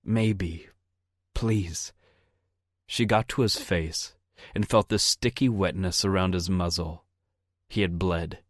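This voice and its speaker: Audiobook narrator: low, unhurried, measured man, dry studio read. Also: dry recording. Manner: steady, measured reading. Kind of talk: scripted narration.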